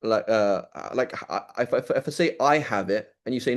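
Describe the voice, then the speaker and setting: A man's voice: fairly low pitch, moderate pace. A man teaching an informal Quran study class, explaining step by step and checking in with his listeners often.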